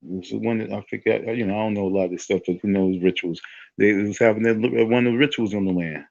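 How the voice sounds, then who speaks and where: A man's voice: fairly low pitch, steady tone, fast talker, gravelly, darkish tone, dry recording, highs cut off. A man telling a rambling story in a casual monologue, often restarting his sentences. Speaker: online talk show host.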